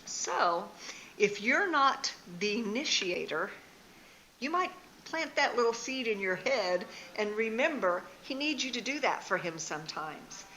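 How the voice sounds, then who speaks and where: A woman's voice: on the high side, very animated, a little slow, pushed and bright, slight background noise. A woman in her sixties giving a frank, earnest marriage seminar talk in a church hall, telling personal stories and laughing at herself.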